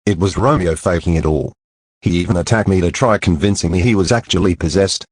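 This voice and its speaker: A man's voice: low-pitched, fairly quick, husky, dry recording. A synthetic male voice playing a stern school principal in a cartoon, scolding and making announcements. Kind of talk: text-to-speech cartoon dialogue.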